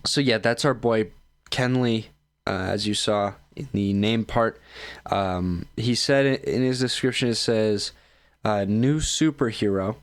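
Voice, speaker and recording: A man's voice: lowish voice, a little slow. A man hosting his own streaming show, reacting to videos in loose, joking, self-mocking chat while sounding tired and yawning. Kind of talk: casual rambling commentary.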